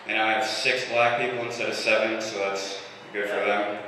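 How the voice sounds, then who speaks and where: A young man in his twenties doing a deadpan stand-up set, slipping into voices for the people he quotes. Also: on the low side, moderate pace, recorded from a distance. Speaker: stand-up comedian. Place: comedy club stage. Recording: roomy live club recording with room noise. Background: audience laughter.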